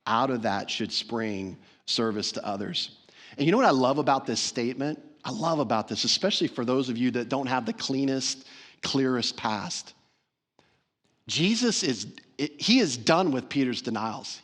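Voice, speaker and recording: A man's voice: medium pitch, animated, moderate pace, fairly bright tone. A man preaching a sermon as pastor, earnest and emphatic, repeating phrases for stress. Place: church sanctuary.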